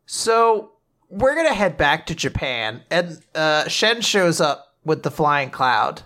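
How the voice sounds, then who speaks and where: Bright, animated man recapping chapters. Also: on the high side, a little slow. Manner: animated storytelling, laughs often. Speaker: podcast host. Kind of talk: casual chat, recapping manga chapters.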